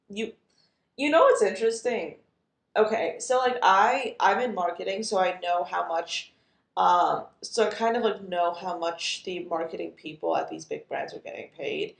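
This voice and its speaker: A woman's voice: on the low side, moderate pace, gravelly, roomy sound. A woman chatting casually as a perfume reviewer, amused and full of fillers and asides. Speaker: fragrance reviewer. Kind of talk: casual chat.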